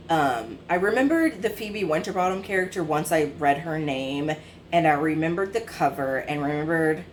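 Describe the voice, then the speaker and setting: A woman in her twenties, a book vlogger, chats casually about books she has read in a low voice with a slight hiss or hum. She rambles through a laid-back review, full of fillers and self-corrections.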